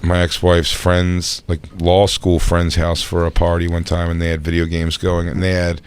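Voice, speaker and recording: Male co-host, lowish voice, rambling profane anecdotes. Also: monotone, moderate pace, clear, resonant tone. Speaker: podcast co-host. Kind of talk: casual chat.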